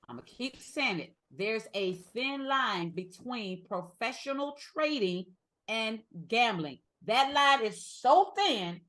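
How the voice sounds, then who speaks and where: A woman's voice: fairly high pitch, fairly bright tone. A woman teaching a trading class with energy, repeating her points and speaking straight to the group. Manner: emphatic, repeats points, addresses the group as y'all. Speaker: trading instructor.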